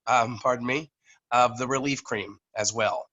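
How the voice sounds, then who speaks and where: Guy on a video call mic, bright voice, lots of ums and restarts, a bit of an allergy cough. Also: mid-range voice, fairly even intonation, muffled recording. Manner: halting, with many fillers and restarts. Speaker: network marketing leader presenting to a team. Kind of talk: online business meeting presentation. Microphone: computer microphone on a video call.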